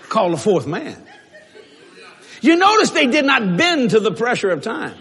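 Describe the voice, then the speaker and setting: Husky male preacher, high lively voice, bright tone, long church-hall reverb, animated and jokey. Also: a little slow, pauses often. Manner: animated, shouting in bursts, joking, acting out quotes.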